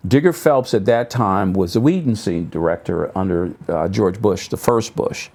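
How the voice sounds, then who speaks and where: In a local public access TV studio, a middle-aged pastor guesting on a talk show spins stories at a normal speed. When quoting other people he leaps abruptly up in pitch, and his asides sink low, keeping the conversation lively.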